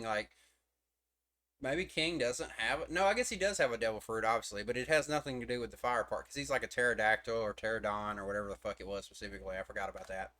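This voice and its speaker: A man's voice: medium pitch, bright, forceful tone. A man rambling through a casual, profane comic review from his room, full of fillers and restarts. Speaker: manga chapter reviewer. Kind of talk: casual streamed commentary.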